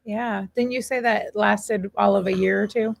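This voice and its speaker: Gravelly-voiced female co-host, blunt. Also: mid-range voice, fairly even intonation, moderate pace. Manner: dry, blunt short remarks. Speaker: radio co-host. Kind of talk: casual talk radio chat.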